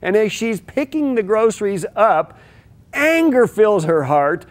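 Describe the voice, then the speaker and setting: A man teaches about marriage, telling a story to make his point. His voice sits a little high and he speaks earnestly. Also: unhurried. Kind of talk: teaching talk with illustrative story.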